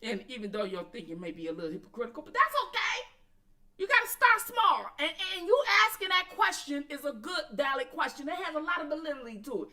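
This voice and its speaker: A high, bright woman, hosting a commentary stream. She talks in blunt, profane bursts and answers her chat directly. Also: big pitch swings, quick pace. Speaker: commentary channel host. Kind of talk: casual commentary, addressing viewers and chat.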